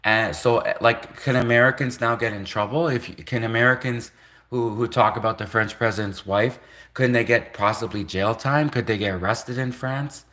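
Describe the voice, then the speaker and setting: A man's voice: mid-range voice, normal speed, pushed and bright. A man hosting a livestream, rambling in sarcastic commentary full of rhetorical questions. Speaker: livestream host.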